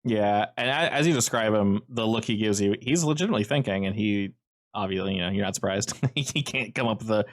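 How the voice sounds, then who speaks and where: A man's voice: lowish voice, a little fast. A man running a tabletop role-playing game as game master, narrating casually with fillers.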